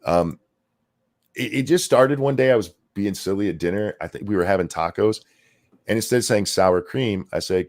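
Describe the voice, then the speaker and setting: A man's voice: lowish voice, normal speed, a little mellow. A middle-aged man co-hosting a live political reaction stream, talking in a loose, jokey, often profane way. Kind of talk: casual live reaction chat.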